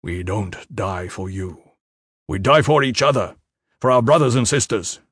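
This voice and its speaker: A man voicing a weary, blunt commander of bodyguards who speaks solemnly and forcefully in an audiobook. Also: lowish voice, expressive, a little slow, no room sound, studio quality.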